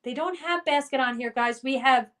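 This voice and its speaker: A woman's voice: high-pitched, normal speed, a bit bright. A woman hosting a live stream, chatting casually and reading viewer comments aloud in an upbeat way. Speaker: livestream host.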